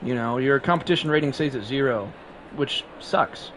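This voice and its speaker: A man's voice: mid-range voice, moderate pace, a bit bright, slight background noise. A man streaming a racing game live, chatting casually and rambling with frequent laughs, sleep-deprived and coughing.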